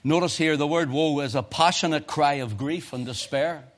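A man preaching a sermon, swinging from quiet, urgent asides to impassioned cries, quoting scripture in old-fashioned wording. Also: on the high side, moderate pace. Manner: archaic scripture quotations in King James wording.

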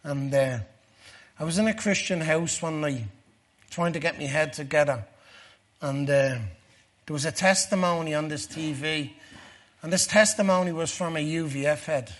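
A middle-aged man giving a testimony sermon, moving from quiet storytelling to loud, fervent preaching. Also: a little high, normal speed.

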